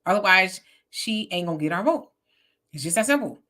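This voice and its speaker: A woman hosting a casual live stream, animated as she reads and answers viewer comments. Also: on the low side, a little fast. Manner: animated, talks back to the comments.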